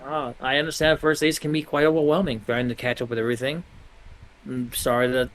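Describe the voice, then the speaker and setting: A man's voice: mid-range voice, level tone, a little fast, fairly bright tone, a little hiss or hum, natural voice, rough recording. A man voicing a polite but disappointed male teacher who talks formally and keeps correcting himself. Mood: stern concern.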